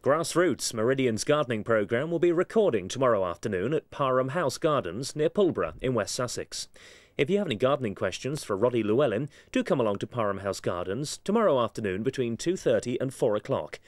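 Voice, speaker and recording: A man making station announcements in a clear, formal voice. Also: medium pitch, very animated, fairly quick, dry recording. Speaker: continuity announcer.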